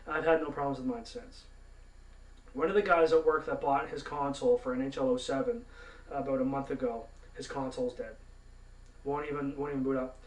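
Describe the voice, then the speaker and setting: A Canadian man with a medium-pitched, steady voice rants profanely and indignantly to camera as a gaming vlogger, talking a little fast. It's a monologue, and the recording sounds roomy with the mic at a distance.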